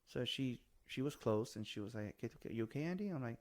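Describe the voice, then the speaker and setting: A man's voice: mid-range voice, animated, fairly quick, few pauses. A man in his forties hosting a casual chat, telling stories animatedly and swearing freely, with bits of Spanish. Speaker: podcast host.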